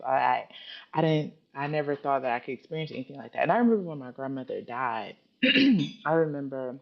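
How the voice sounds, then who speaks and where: A woman in her thirties with a Philadelphia accent tells a personal story on a podcast. Her voice has a gravelly edge, and she acts out other people's lines as she goes. The sound is muffled and lo-fi. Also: sits low. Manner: animated, dramatic quoting of others. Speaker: podcast guest. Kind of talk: casual storytelling chat.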